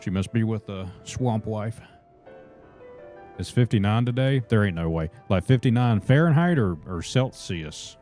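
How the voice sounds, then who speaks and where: Deep-voiced man streaming games. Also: measured pace, faint music behind. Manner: relaxed, chatty, reads chat and greets viewers as brothers. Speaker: livestreamer. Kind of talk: casual gameplay livestream chat.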